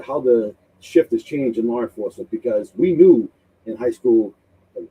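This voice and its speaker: A man in his fifties with a Boston accent, a retired police officer guest telling his story in a relaxed, chatty, self-deprecating way. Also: mid-range voice, breathy edge, narrow, tinny audio. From Massachusetts. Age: 50s. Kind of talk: interview storytelling.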